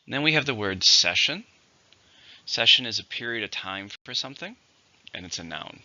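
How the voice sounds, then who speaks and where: A man teaching an English vocabulary lesson, slowing down to stress each syllable as he models new words. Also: medium pitch, animated, pushed and bright, dry recording, muffled recording.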